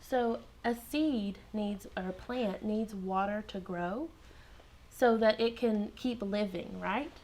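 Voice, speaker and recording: A woman's voice: medium pitch, takes it slowly, a little mellow. A woman teaching kindergarten in a classroom, patient and encouraging, asking the children lots of prompting questions.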